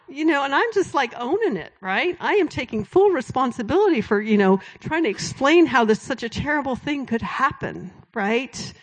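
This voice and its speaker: A woman giving a sermon-style testimony, telling a story in a conversational way and dropping to a hushed whisper for quoted words. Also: on the high side, expressive, normal speed. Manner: storytelling, drops to a hushed whisper when quoting God. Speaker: speaker at a Christian event.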